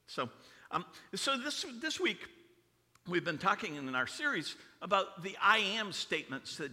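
Man, pastor, sermon, very bright voice, lively pitch, casual jokes, restarts. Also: in a large hall. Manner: conversational and joking, with frequent restarts. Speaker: lead pastor.

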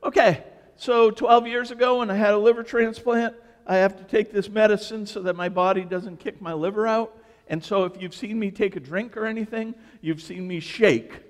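A male pastor preaching a sermon, telling stories in an animated, joking way. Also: high voice, normal speed. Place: church sanctuary. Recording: reverberant church hall.

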